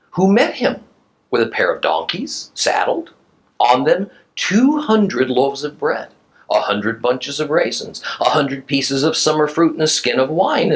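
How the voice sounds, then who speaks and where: A man's voice: on the high side, a bit bright, low-quality recording. A man teaching a recorded Bible class who reads scripture aloud and explains it emphatically to his listeners.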